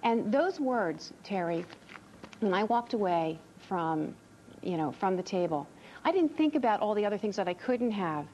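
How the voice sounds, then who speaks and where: A woman's voice: medium pitch, very animated, moderate pace, a little mellow, slight background noise. A woman child psychologist answering as a TV interview guest, earnest and reassuring, often repeating words as she starts a sentence. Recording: dull lo-fi TV audio.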